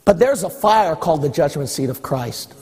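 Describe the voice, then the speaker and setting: A male pastor preaching a sermon in a church, emphatic and repetitive, rising at times to a shout. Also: fairly high pitch, animated, normal speed. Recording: long hall reverb.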